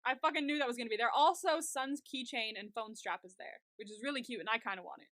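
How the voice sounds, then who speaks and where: A woman's voice: fairly high pitch, fast, fairly bright tone, no room sound, clean studio sound. A woman co-hosting a podcast, chatting casually and gushing, swearing freely and laughing often. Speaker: podcast co-host. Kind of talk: casual recap chat.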